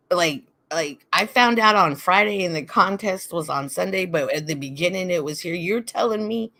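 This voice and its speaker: A woman hosting a livestream, talking to her viewers in an animated, dramatic way and often laughing as she reacts. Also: medium pitch. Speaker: host.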